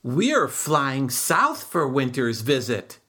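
A woman voicing a flock of birds in a storybook, speaking firmly and slowly in a slightly raised voice. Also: rumbling low, big pitch swings, a bit bright, heavily acted. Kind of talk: storybook read-aloud.

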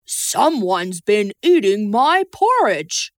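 A woman voicing a gruff father bear in a storybook, grumbling his lines firmly. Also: medium pitch, big pitch swings, takes it slowly, no echo. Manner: grumbling, firm.

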